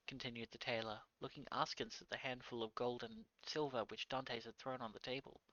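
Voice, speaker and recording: A man's voice: mid-range voice, steady tone, brisk, few pauses, bright, forceful tone, no room sound, lo-fi sound. A man reading a classic novel aloud on a live stream, with casual asides. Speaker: reader.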